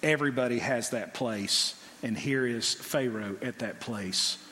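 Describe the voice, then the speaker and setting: A man's voice: medium pitch, a little slow, bright, forceful tone, a little hiss or hum. A male preacher giving an emphatic sermon that asks the congregation rhetorical questions, heard in a long hall reverb.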